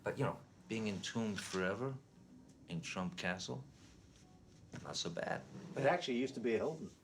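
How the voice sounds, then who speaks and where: A brash, self-praising tycoon with a New York accent. His lowish voice swings up and down as he bosses people around and makes crude asides. Faint room noise sits under the voice. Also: lively intonation, normal speed. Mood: boastful. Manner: boastful, bossy, crude asides.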